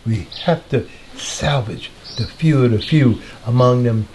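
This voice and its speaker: A man's voice: mid-range voice, a little slow, noisy background. A man speaking as a community elder, proud and affectionate.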